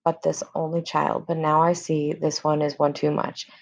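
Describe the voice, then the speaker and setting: A woman's voice: deep voice, level tone, normal speed, gravelly, low-quality recording. A woman reading the lines of an angry domineering older father in a lesson, with plain emphasis.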